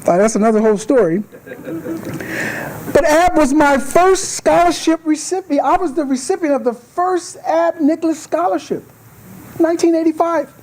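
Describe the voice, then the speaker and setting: A man's voice: extremely high pitch, moderate pace, slight background noise, rough recording. A man giving a speech to a club, telling stories and acting out the voices of the people in them. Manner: animated, acts out voices in his stories. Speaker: guest speaker. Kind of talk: storytelling speech. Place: meeting hall.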